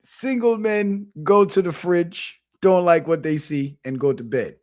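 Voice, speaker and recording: A man's voice: high voice, a little slow, darkish tone, pitched above the performer's own voice. A man doing a blunt old Jamaican monkey elder. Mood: knowing. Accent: put-on Jamaican. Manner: blunt, matter-of-fact punchlines.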